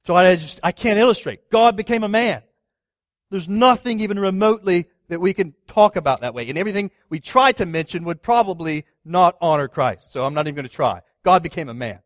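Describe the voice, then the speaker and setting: A man's voice: high voice, lively intonation, fairly quick, no echo, clean studio sound. Emphatic man preaching a sermon. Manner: emphatic, asks the congregation questions, swings from loud to hushed. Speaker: pastor.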